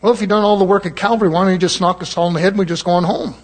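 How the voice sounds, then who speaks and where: Man preaching, husky and fairly high-voiced, chatty and folksy with acted quotes. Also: fairly even intonation, racing. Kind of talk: sermon.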